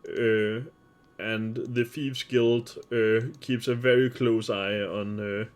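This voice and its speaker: A man's voice: fairly low pitch, fairly even intonation, slow. Hesitant man streaming a game. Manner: hesitant, many filler sounds. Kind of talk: live-stream game commentary.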